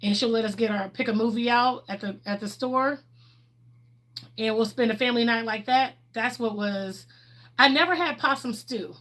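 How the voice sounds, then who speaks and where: A woman's voice: on the high side, moderate pace, fairly bright tone. A middle-aged woman, chatting candidly on a livestream and answering viewers' questions, laughing often. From Texas, USA. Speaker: livestream host.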